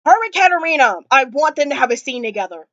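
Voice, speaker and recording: Woman vlogger rambling and gushing, lots of likes and ums, kinda highish voice, dull sound. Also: lively intonation, fast talker, fairly bright tone, no room sound. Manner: gushing, rambling, many fillers. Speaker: vlogger reviewing a TV episode. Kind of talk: casual chat. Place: at home, sitting on the floor.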